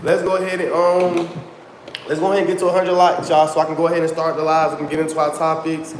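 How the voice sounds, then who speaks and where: Talking directly to his viewers as y'all, this chatty livestream host keeps repeating himself. He speaks quickly in a fairly high voice with a completely flat delivery. The sound is roomy, as if in a large hall, with a faint hiss or hum.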